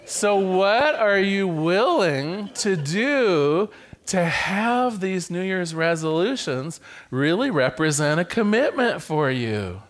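A man preaching a sermon to his congregation as their minister, playful and animated, sometimes stumbling over a word and starting the phrase again. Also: sits high, takes it slowly. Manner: animated, playful, with repeated stammered restarts.

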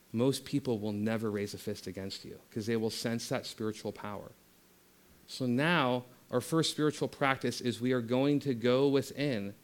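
Man giving a passionate spiritual talk. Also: mid-range voice. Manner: passionate, shifts into soft slow meditation guidance. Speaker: spiritual teacher. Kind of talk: spiritual talk and guided meditation.

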